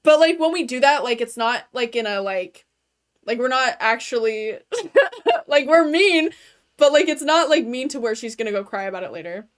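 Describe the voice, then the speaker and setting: A young adult woman streamer chats from her bedroom in a slightly high voice. Her talk is loose, meandering and casual, full of "like" fillers and easy swearing. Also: animated, moderate pace. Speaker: gaming streamer. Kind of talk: casual chat while streaming a game.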